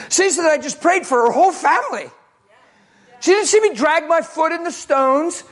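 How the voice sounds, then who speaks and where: A man preaching a sermon, telling a story with lively acted-out quotes and swings between loud and hushed. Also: very high-pitched.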